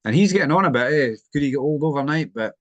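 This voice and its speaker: A man's voice: a little high, animated, fast, no room sound. Rambling man, dry sound. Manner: rambling, questioning tag ends. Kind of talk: casual boxing chat.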